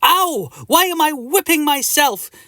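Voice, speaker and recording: A man's voice: high-pitched, big pitch swings, normal speed, sharp tone, dry recording, clean studio sound, voice pushed up, full character voice. A man voicing a frustrated, whiny young person plagued by an itch in a children's audiobook, exasperated and yelping.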